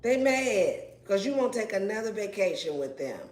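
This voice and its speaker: A woman's voice: mid-range voice, very animated, normal speed, darkish tone. Brash, profane woman doing tarot. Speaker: tarot reader. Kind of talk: casual tarot reading. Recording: roomy echo.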